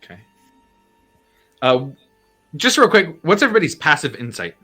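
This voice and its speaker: A man narrating as game master in a tabletop game, casual and halting with many fillers. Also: a little high, sing-song, bright, forceful tone, soft background music.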